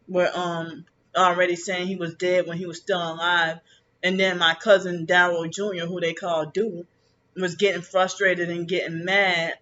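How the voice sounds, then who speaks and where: High, bright-voiced man rambling bitterly. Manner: rambling, halting, many restarts; bitter and resentful about family. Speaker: vlogger. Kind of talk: casual personal monologue. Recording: dull lo-fi with faint background noise.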